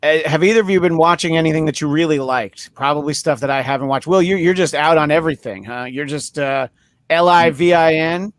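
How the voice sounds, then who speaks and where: A man hosting a podcast in casual chat, rambling and joking with many filler pauses. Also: on the high side, dry recording. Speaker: podcast host.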